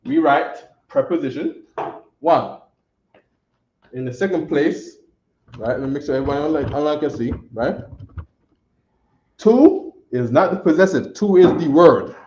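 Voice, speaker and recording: A man's voice: a little high, animated, moderate pace, long pauses, darkish tone, a little hiss or hum. A man teaching a language class, patient and teasing, repeating phrases often. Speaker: Hebrew teacher. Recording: roomy dull classroom audio.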